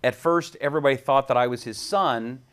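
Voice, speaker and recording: Male talk-radio host, quick rapid delivery, mid pitch, anecdotal. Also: clear, resonant tone. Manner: rapid, animated anecdotes with quoted voices. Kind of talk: casual interview storytelling.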